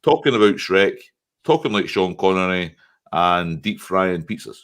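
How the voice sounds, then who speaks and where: A man's voice: low voice, expressive, unhurried, a bit bright, smooth. A man joining a live stream, teasing and bantering in casual chat.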